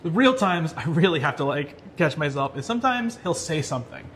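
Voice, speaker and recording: A man's voice: fairly high pitch, sing-song, a little fast, a bit bright. Guy guesting on a podcast, open and thoughtful, says like a lot, faint background hiss. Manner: candid, reflective, lots of "like". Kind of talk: casual chat.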